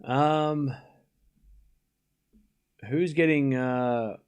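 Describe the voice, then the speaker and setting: A man's voice: medium pitch, steady tone, drawn-out words, darkish tone, smooth. A man hosting a live tennis watchalong stream, calling the score and shots in a casual play-by-play while chatting with viewers and thanking supporters. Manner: playfully scolds chat.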